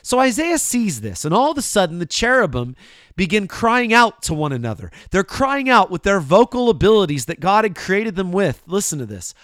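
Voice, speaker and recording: A man preaching a sermon, addressing the listener directly, moving between hushed asides and loud proclaimed lines. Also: sits high, sing-song, moderate pace, dry recording, studio quality.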